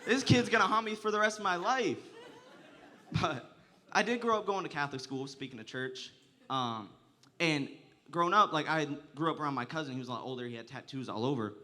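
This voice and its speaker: A man's voice: on the high side, fairly quick, pushed and bright. A young man performing a stand-up comedy set, telling crude, profane stories and often laughing through his lines.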